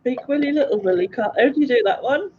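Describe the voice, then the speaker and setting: A woman's voice: high-pitched, fast, a little hiss or hum. A woman hosting a livestream in a casual chat, giggling often between remarks. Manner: giggly, chatty, laughs often. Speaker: livestream host. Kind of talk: casual chat reading live comments. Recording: dull lo-fi stream audio.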